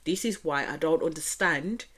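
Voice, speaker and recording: Brummie woman doing a chatty tv reaction vlog, low voice, lots of opinions. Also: moderate pace, fairly bright tone, slightly rough. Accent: Birmingham. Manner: chatty, opinionated, often repeats stock phrases. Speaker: reality show reviewer. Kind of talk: casual reaction review.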